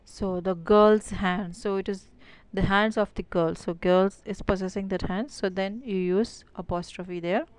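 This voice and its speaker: A woman's voice: mid-range voice, fairly even intonation, unhurried, no room sound. A woman with an Indian English accent teaching an online grammar lesson, explaining step by step with many fillers like "so" and "uh".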